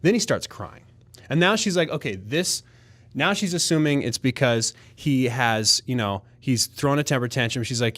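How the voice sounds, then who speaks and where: Man, podcast co-host, lively storyteller with a middling pitch who swings his voice up and down. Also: moderate pace. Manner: animated storyteller, acts out voices and beeps. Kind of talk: casual storytelling chat.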